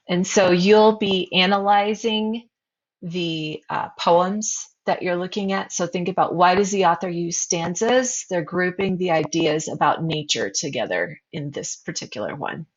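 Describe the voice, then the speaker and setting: A woman teacher talks through a slideshow lesson in a lowish voice and keeps asking her students questions. The recording is dull and lo-fi, as if from a basic computer mic. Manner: explanatory, poses questions to students.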